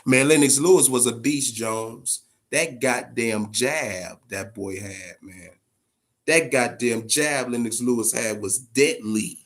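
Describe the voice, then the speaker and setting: A man runs a boxing channel, chatting casually on a live stream in an animated, profane way and tacking "man" onto nearly every phrase. His pitch is medium and he talks slowly.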